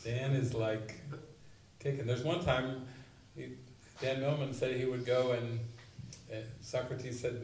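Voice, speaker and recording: A man giving a spiritual retreat talk, telling stories and acting out quotes with sudden loud bursts. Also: mid-range voice, little pitch movement, normal speed. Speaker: spiritual teacher. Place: retreat meeting room. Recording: roomy, mic at a distance, faint noise.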